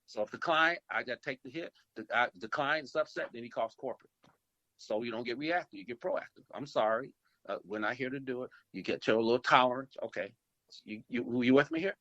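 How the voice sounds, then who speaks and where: A man's voice: medium pitch, big pitch swings, a little fast, vocal fry, bright, forceful tone, no echo. A middle-aged man, an insurance agency owner and investor, giving rambling advice in a phone interview, with many repeats and restarts as he acts out calls with customers. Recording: dull lo-fi phone line.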